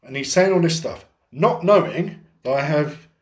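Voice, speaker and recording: A man's voice: a little high, animated, normal speed, reverberant. A young adult Englishman co-hosting a podcast, swearing a lot and telling a story animatedly. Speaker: podcast co-host. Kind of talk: casual storytelling chat.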